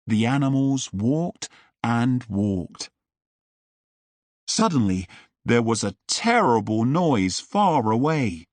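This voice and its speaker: Slow, deliberate male storyteller. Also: mid-range voice, dry recording. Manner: clear, deliberate, expressive. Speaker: English teacher narrator. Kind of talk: slow audiobook narration for learners.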